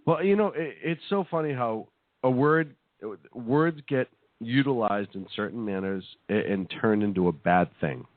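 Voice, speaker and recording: A man's voice: medium pitch, lively intonation, normal speed, no room sound. A man co-hosting a talk radio show, chatting casually, joking and laughing often between hesitant restarts. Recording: tinny phone-like sound, dry.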